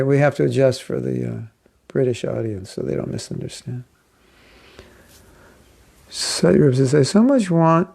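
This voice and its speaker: Older guy teaching a laid back class, bit gravelly, jokey. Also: mid-range voice, a little mellow. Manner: playful, slips into mock accents. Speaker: spiritual teacher. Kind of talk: informal class with questions.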